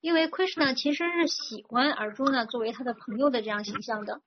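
A slightly high-voiced woman speaks briskly, interpreting a sermon phrase by phrase in consecutive fashion. She's fluent though filler-heavy, and the faintly noisy lo-fi recording sounds dull.

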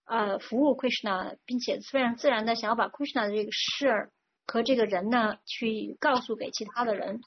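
A woman's voice: on the high side, a little fast. A woman interpreting a religious talk phrase by phrase, fluent but with frequent fillers. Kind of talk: consecutive interpreting of a sermon. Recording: dull lo-fi recording with faint noise.

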